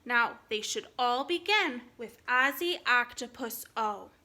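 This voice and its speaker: A woman teaching a recorded phonics lesson to kindergartners, speaking slowly and clearly in an encouraging way. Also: fairly high pitch, animated, bright, forceful tone. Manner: slow, clear, encouraging teacher talk to young children.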